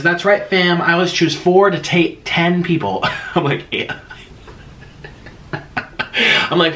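A man chats through an eating vlog in a playful, theatrical, sing-song way. His slightly high voice swoops up and down with lots of life. The room around him sounds echoey. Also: a bit bright. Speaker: mukbang host. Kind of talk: casual eating vlog chat.

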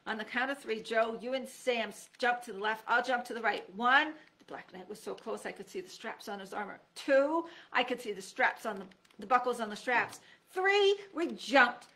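Gravelly, bright-voiced woman reading a storybook. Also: a little fast. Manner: lively, voices each character with pitch jumps. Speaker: teacher reading aloud. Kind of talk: storybook read-aloud.

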